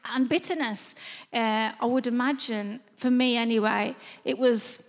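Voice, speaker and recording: A woman's voice: on the high side, steady tone, measured pace. A middle-aged woman giving an earnest, conversational faith testimony, often restarting her sentences. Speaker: speaker sharing a faith testimony. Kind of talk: personal testimony. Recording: long reverb, as in a hall.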